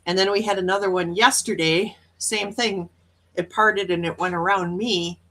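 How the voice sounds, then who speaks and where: A woman's voice: medium pitch, steady tone, normal speed, fairly bright tone. A woman from Wisconsin, hosting a casual morning livestream and chatting upbeat with her viewers. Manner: chatty, upbeat, with frequent laughs. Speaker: livestream host reading chat.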